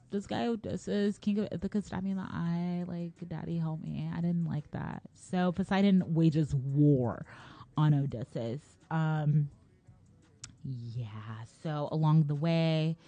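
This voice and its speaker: A woman's voice: low voice, mellow, dry recording. A young woman casually retelling a story in a rambling, slangy way, full of fillers and laughs.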